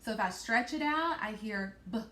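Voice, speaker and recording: A woman teacher giving a recorded online reading lesson to young children, slowly stretching out and sounding out words in a sing-song way. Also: on the high side, animated, fairly bright tone. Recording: echoey room.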